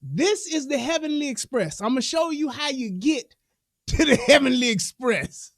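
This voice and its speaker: A woman in giving a profane, comedic reaction, telling the story with animated asides and laughter. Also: sits high, moderate pace, noisy background. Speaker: reaction commentator.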